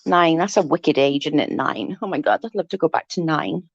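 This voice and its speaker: A woman in her forties hosts a casual livestream chat at home, rambling, laughing frequently, and swearing liberally. She has a deep, slightly breathy voice and talks a little fast, recorded with dull, dry lo-fi sound.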